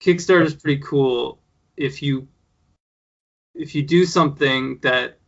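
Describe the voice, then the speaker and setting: A man's voice: fairly high pitch, unhurried, vocal fry. A man being interviewed as a show creator, talking casually in a rambling way with lots of fillers and restarts. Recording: dull lo-fi sound.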